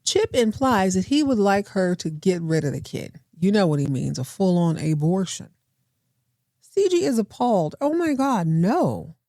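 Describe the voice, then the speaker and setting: A woman's voice: mid-range voice, sing-song, moderate pace, warm tone, dry recording, studio quality. A woman hosting a podcast, recapping a TV episode in a chatty, emphatic way and talking back to what she watches. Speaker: podcast host.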